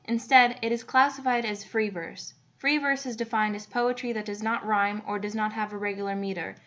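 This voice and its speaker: A woman's voice: medium pitch, fairly even intonation, moderate pace, fairly bright tone, highs cut off. A young adult woman, a student, reading a prepared class presentation steadily as a voice-over. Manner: reads a prepared script steadily.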